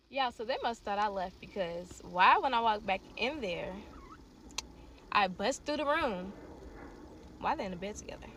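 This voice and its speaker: A young woman telling a dramatic story to her listeners in a casual, animated way. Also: medium pitch, normal speed, pauses often, a little hiss or hum.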